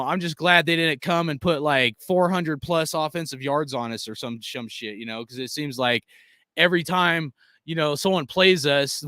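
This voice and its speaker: A man hosting his sports fan channel, ranting live on a stream from home in a profane, excitable, rambling way. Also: medium pitch, clean tone, no room sound, clean studio sound.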